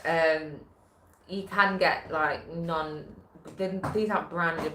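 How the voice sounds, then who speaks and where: Woman, low voice, casual live-stream host, chatty, echoey room. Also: fairly even intonation, unhurried, over loud music. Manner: chatty, reads chat messages aloud, trails off with fillers. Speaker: livestream host. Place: room at home.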